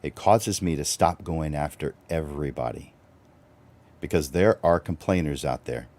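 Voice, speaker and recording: A middle-aged man hosting a livestreamed business coaching talk for photographers, animated and chuckling, his voice jumping up high for emphasis. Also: normal speed. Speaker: host and photographer.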